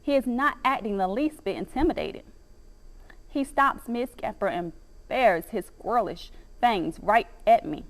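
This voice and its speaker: Woman narrating an expressive audiobook. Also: a little high, measured pace. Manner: first-person, dramatic storytelling.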